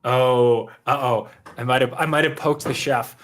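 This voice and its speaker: A man's voice: mid-range voice, fairly even intonation, moderate pace, fairly bright tone. A man co-hosting a livestream in casual chat, rambling and restarting his sentences. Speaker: co-host.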